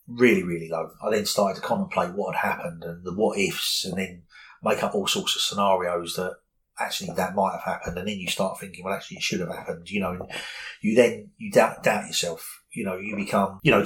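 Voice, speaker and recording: A man speaks in a low, grounded voice. He talks plainly and earnestly, and he often doubles his words as he works through a thought. A faint background hiss sits under the voice. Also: brisk, low-quality recording. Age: 40s. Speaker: guest. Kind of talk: candid personal interview.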